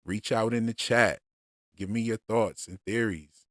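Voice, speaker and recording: Deep-voiced, slow-talking male livestreamer. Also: dry recording, studio quality. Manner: relaxed, unhurried, with many fillers and restarts. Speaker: streamer discussing show theories. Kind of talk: casual livestream chat.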